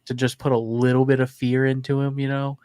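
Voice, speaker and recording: A young man with an American accent chatting casually as a podcast co-host, joking in a dry, deadpan way. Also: mid-range voice, brisk, clear, resonant tone, dry recording. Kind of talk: casual chat.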